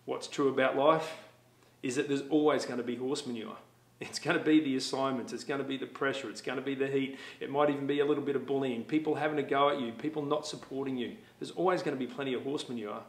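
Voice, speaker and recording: A man's voice: mid-range voice, steady tone, fast. Man, middle-aged, school talk, storytelling, echoey room. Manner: storytelling, acts out voices. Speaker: motivational speaker for schools. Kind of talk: talk to students.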